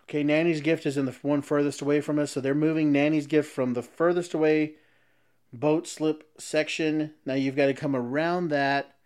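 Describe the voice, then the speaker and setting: A man's voice: on the high side, steady tone, normal speed, a little mellow, smooth. A man casually telling a long story, often restarting sentences as he explains.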